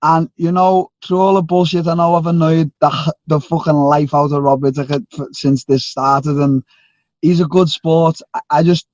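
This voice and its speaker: A man's voice: on the high side, fairly even intonation, normal speed, darkish tone, no room sound. A young man, a fighter guest on a video call, talking bluntly with swearing and laughing banter. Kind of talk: casual call-in chat. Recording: dull dry call audio.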